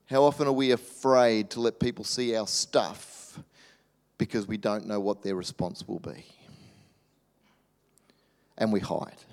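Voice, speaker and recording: A man preaching a sermon in a church, animated, acting out voices and dropping to soft near-whispers. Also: fairly low pitch, a little slow, long pauses. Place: church hall. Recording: reverberant hall.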